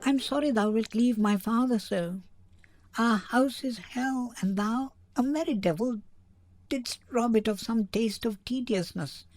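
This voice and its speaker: A woman's voice: a little high, measured pace, darkish tone, no room sound, faint music behind. A woman reading a wistful young daughter. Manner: wistful, earnest verse. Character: unhappy young daughter longing to elope. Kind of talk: dramatic reading.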